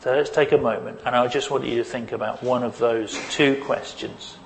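Man pastor, sermon, earnest, asking questions, gravelly low-middle voice. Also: steady tone, normal speed, a little hiss or hum, rough recording. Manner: earnest, questioning, leads a quiet reflection.

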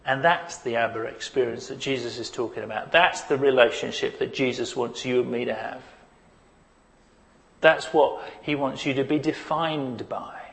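A man preaching a sermon as pastor, earnest and questioning, leading the listeners into a quiet reflection. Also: mid-range voice, normal speed, gravelly, poor audio.

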